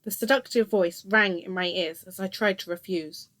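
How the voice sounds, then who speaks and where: A woman narrating a first-person story in a steady, scripted reading voice. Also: medium pitch, moderate pace, no echo.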